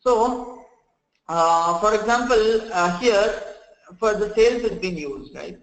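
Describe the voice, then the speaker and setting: Man trainer, high voice, roomy echo, walks students through step by step, says okay and friends a lot. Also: expressive, slow, a bit bright. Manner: explanatory, repeats "okay" and "friends", many restarts. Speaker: software trainer. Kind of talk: live online training session.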